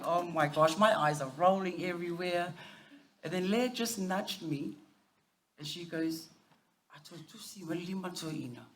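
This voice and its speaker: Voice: mid-range voice, fairly bright tone, slight background noise. Speaker giving a family eulogy. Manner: mixes English with Samoan phrases; anecdotal, laughing through stories. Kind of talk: funeral eulogy. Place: funeral service venue.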